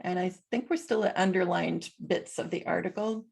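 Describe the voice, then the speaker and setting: A woman vlogging in a casual monologue, reading from her notes and spelling out numbers slowly and deliberately. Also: fairly low pitch, fairly even intonation, vocal fry, a little mellow, breathy edge.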